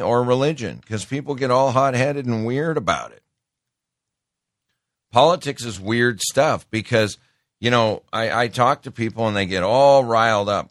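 A man's voice: mid-range voice, fairly bright tone, dry recording, clean studio sound. A middle-aged man hosting a talk show, giving plainspoken, opinionated political commentary and talking straight to his listeners as folks. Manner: preachy, quotes scripture.

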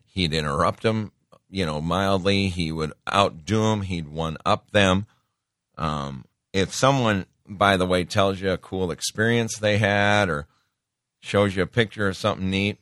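A man's voice: low voice, a bit bright, no room sound, clean studio sound. A man giving a casual, conversational sermon, folksy, with many fillers and asides.

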